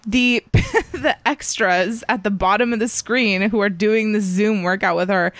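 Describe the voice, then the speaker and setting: A woman's voice: mid-range voice, fairly even intonation, a little slow. A young woman chatting casually as a podcast co-host, rambling with lots of "like" and laughing as she acts out quotes. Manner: chatty, laughs often, acts out quotes in loud mocking voices. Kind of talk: casual chat.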